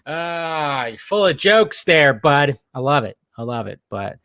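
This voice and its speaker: A man's voice: on the high side, very animated, a little slow, bright, forceful tone, dry recording, clean studio sound. A young man hosting a casual livestream, reading chat and rambling, jokey and full of swearing.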